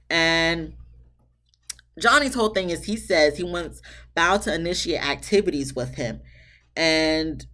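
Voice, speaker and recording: Low-voiced woman recapping reality TV. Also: a bit bright. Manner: chatty, candid, breaks off to vent at the cast. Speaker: TV show reviewer. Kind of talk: casual reality-TV recap commentary.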